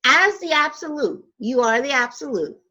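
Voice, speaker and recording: A woman hosting a casual spiritual chat from her home, enthusiastic and quick to laugh. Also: high-pitched, big pitch swings, sharp tone, low-quality recording. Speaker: radio host. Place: home in the Poconos.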